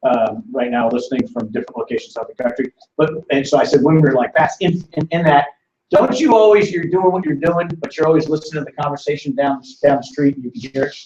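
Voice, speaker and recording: Here the seminar host's voice sits a little high and darkish, moving fast as he performs quoted voices in his stories and names people in the audience during the live financial talk. There's a little hiss or hum, and the sound is distant, roomy and lo-fi, with a dull quality.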